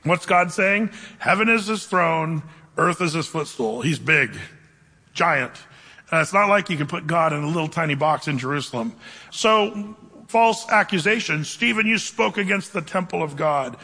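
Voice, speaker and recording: A man preaching a sermon in a casual, conversational way, asking the congregation questions and slowing down to read scripture aloud. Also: fairly high pitch, expressive, pushed and bright. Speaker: pastor. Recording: long hall reverb.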